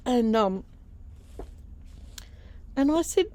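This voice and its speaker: A woman's voice: on the low side, animated, takes it slowly, dark tone. A middle-aged Australian woman chatting through a craft tutorial, talkative and laughing often, with rambling asides. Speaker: craft vlogger.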